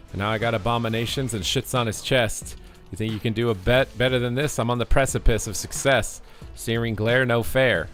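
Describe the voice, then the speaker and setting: A man's voice: mid-range voice, a bit bright. Rhyming male gamer over faint music. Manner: playful rhyming delivery. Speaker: gamer streamer. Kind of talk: rhyming rap commentary over gameplay.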